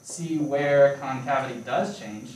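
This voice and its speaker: A man's voice: mid-range voice, a little slow, darkish tone, slight background noise. A man teaching a calculus class, explaining ideas playfully and checking in with questions. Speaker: math lecturer. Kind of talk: classroom lecture. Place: lecture room. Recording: echoey lecture room, distant mic.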